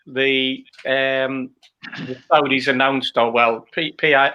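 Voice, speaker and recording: A man giving measured, hedging analysis on a casual football podcast. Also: medium pitch, pushed and bright. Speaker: podcast co-host.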